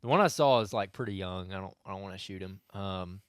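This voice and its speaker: Young podcast co-host, lowish voice, loose rambling storyteller, dry studio sound. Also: male voice, quick pace, clean tone, dry recording. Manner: rambling storyteller, many restarts and asides. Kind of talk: casual hunting podcast chat.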